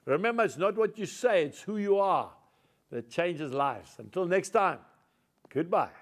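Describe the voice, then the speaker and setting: A male preacher with a loud voice giving a devotional sermon and reading scripture, emphatic and folksy, calling his listeners folks. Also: high voice, animated, unhurried.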